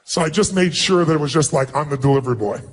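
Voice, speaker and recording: A man with a higher-pitched voice talks fast as he delivers a motivational speech to an audience. Sharing a personal story, he plays out the dialogue emphatically in a raised voice.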